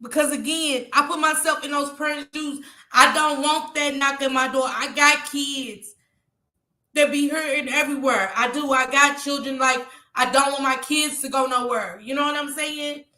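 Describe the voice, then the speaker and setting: A woman talks straight to her viewers, impassioned and close to tears, pausing to read out their comments. Her voice sits high and bright. The room around her is echoey. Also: fairly even intonation. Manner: impassioned, preachy, reads out chat comments. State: tearful. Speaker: YouTube vlogger. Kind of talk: emotional livestream talk to viewers.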